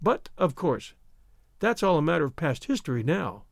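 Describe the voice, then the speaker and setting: A man's voice: fairly high pitch, very animated, moderate pace, gravelly, no room sound, clean studio sound, exaggerated voice. A man voicing a scornful young woman in a storybook reading, speaking with cold disdain. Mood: disdainful.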